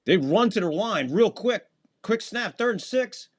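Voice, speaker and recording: A man's voice: high voice, animated, a little slow. A man hosting a live fan stream, calling the plays of a football game and chatting casually with viewers between snaps. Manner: casual, chatty, talks to chat between plays, voice jumps up on big plays. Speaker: host and play-by-play caller. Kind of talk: live fan play-by-play commentary.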